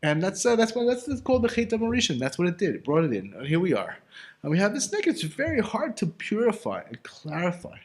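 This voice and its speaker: Animated man teaching a Torah class. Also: high voice, fast. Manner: animated and conversational, full of casual fillers; asks himself rhetorical questions. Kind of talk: informal Torah lesson.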